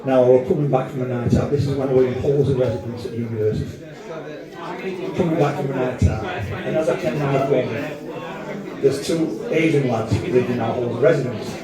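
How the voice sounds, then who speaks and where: A man's voice: medium pitch, fairly even intonation, brisk, a crowd in the background. A man doing a crude, rambling, self-mocking stand-up set in a comedy club. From Wolverhampton. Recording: echoey room, far from mic.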